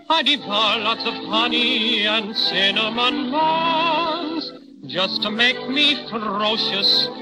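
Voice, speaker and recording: A man voicing a small, mock-fierce teddy bear who sings his song slowly in a sing-song style, for a radio drama. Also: extremely high pitch, exaggerated voice, rough recording. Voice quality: slow, sing-song delivery. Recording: old radio recording over loud music.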